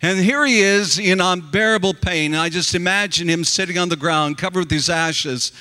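A man's voice: sits high, moderate pace, bright, forceful tone, in a large hall. A man preaching a sermon in an earnest, emphatic way, addressing the congregation directly.

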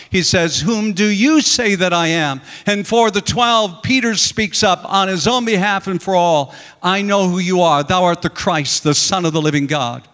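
A man's voice: fairly high pitch, a bit bright, big-room sound. A man preaching a sermon, retelling scripture with dramatic storytelling and acting out the quoted lines. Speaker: pastor.

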